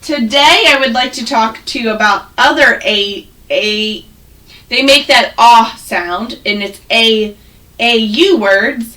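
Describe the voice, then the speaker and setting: A woman teaching first grade on a video call, sounding out words slowly and clearly for young children. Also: a little high, sharp tone, recorded from a distance, low-quality recording. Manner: slow, exaggerated sounding out of words. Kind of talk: online phonics lesson. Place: home, on a video call with students.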